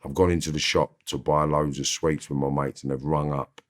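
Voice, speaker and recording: A man with a very deep voice, telling blunt, slangy stories about his past as an interview guest. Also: little pitch movement, brisk. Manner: blunt, swears freely, slangy. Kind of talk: casual storytelling.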